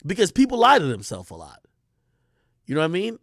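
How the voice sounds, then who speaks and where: A man's voice: high voice, wildly swooping pitch, brisk, vocal fry, no echo, clean studio sound. A man streaming and ranting casually, profane and slangy, often repeating himself. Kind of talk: casual livestream rant.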